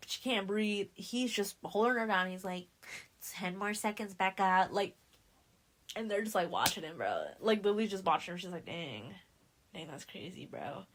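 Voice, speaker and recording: A young woman with a mid-range voice hosts a podcast, casually recapping a novel in slangy speech and acting out the characters' lines.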